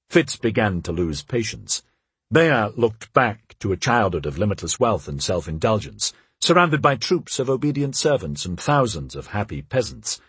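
A man narrating a novel in a measured, expressive read on a close mic. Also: lowish voice, husky, no room sound. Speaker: audiobook narrator. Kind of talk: scripted narration.

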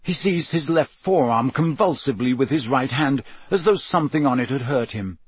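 A man narrates an audiobook in a steady, measured voice at an average pitch. His tone is slightly husky, and the recording is dry and close with no room sound. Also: dry recording. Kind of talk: scripted narration.

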